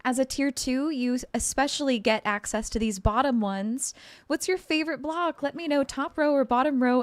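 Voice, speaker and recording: In a dry recording, a woman streamer with a high voice chats casually with her viewers. She's bubbly, effusive and giggly throughout.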